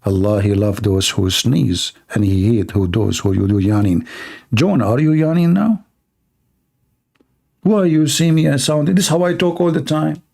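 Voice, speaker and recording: A man's voice: mid-range voice, normal speed, gravelly, a little mellow. A man hosting an online talk show, arguing in a sarcastic tone and firing off rhetorical questions. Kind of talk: argumentative commentary.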